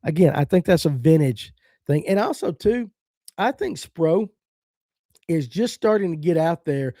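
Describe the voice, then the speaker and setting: A middle-aged man from the American South talks bluntly and casually on a fishing podcast, sharing strong opinions and reading viewer comments aloud. His voice sits a bit high for a man but sounds warm and mellow. The room is dry and close, with no echo. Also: lively intonation, unhurried. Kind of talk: casual live-stream chat.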